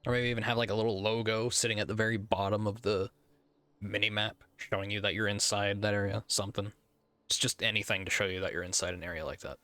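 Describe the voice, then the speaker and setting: A man's voice: fairly low pitch, little pitch movement, quick pace, bright, forceful tone. An American man streaming a game, rambling and thinking aloud in casual commentary. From United States.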